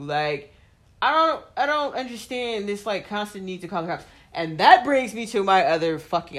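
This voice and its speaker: A woman hosting a casual chat, telling a story bluntly with lots of swearing and "like" fillers. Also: mid-range voice. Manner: blunt, profane, vents with heavy "like" fillers; acts out quoted people in animated voices.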